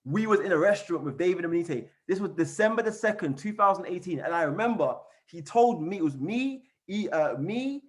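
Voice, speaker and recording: A man giving an energetic motivational training on a call, repeating and chanting phrases as he coaches his team. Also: sits high, brisk, few pauses. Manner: fired-up, repetitive, chanting phrases. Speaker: network marketing trainer. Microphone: call recording.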